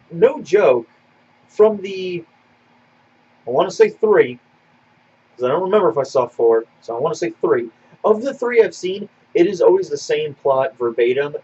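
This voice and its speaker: A man co-hosting a casual podcast, answering viewer questions in a rambling, animated way with many fillers and restarts. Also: on the high side, husky, dull audio. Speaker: podcast co-host.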